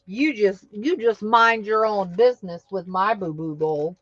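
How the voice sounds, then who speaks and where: A woman hosting an online craft market live stream, exuberant and cheering winners with loud whoops. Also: medium pitch, a little slow, dry recording, muffled recording.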